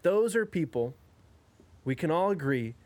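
Young male podcast co-host, slightly high voice, crude and rambling. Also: animated, a little slow, a little mellow, no room sound. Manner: crude, rambling, jokey, swears a lot. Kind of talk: casual chat.

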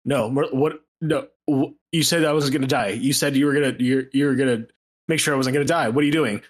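A man's voice: mid-range voice, fast talker, lightly acted. A man voicing a terrified, restrained air force captain who stammers and pleads frantically. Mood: desperate pleading.

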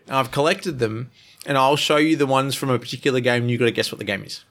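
A man's voice: medium pitch, quick pace, a bit bright. Male host, casual podcast game, playful teaser with a ready laugh. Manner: playful, teasing, laughs often.

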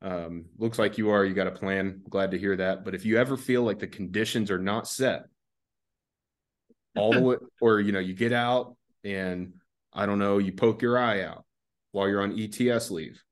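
A man putting on a gruff army sergeant major. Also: lowish voice, steady tone, moderate pace, natural voice. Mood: friendly.

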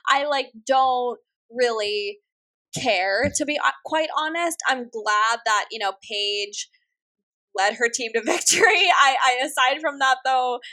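A woman's voice: a little high, a little slow, pushed and bright. An American woman co-hosting a podcast in casual chat, offhand and blunt, posing rhetorical questions. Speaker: podcast co-host.

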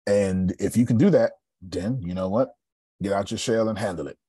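A sales coach gives a casual, joking seminar to a group, animated and checking in with the room for agreement. His voice is lowish with a breathy edge, at normal speed, with no room sound.

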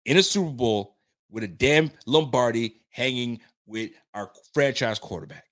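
Speaking at medium pitch and a normal speed, a man hosts a live stream and reads out viewer comments. His fan chat is casual and slangy, he swears freely, and he works himself up with excitement.

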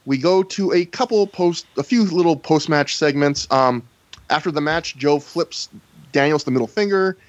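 A man runs through a wrestling recap in a relaxed, wry way, dropping deadpan asides. His voice sits a bit high, and the close, dry recording has a dull, lo-fi sound. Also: normal speed, no echo. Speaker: podcast host recapping a wrestling show. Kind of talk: casual chat, recapping events.

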